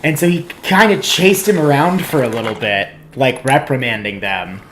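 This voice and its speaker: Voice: mid-range voice, moderate pace, fairly bright tone. A comedian telling a story in a casual chat, with wry asides. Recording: faint background noise.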